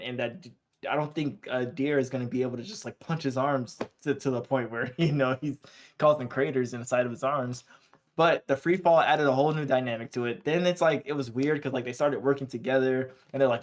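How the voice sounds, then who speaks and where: A young man co-hosting a podcast, recapping anime episodes in a rambling, excited, slang-filled way. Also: medium pitch, brisk. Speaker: podcast co-host.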